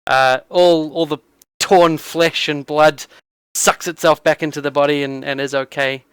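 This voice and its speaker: A man's voice: a little high, fairly even intonation, a little slow, fairly bright tone, smooth, no room sound. A man running a tabletop game as game master, narrating with frequent fillers and restarts.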